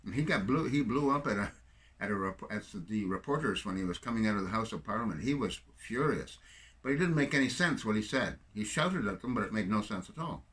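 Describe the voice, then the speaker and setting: An older man from Canada talks by himself in a loose, meandering monologue, drifting off into tangents and sarcastic asides. His voice sits a little low, and his delivery is unhurried and conversational. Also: expressive, fairly bright tone. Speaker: political commentator. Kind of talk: rambling solo monologue.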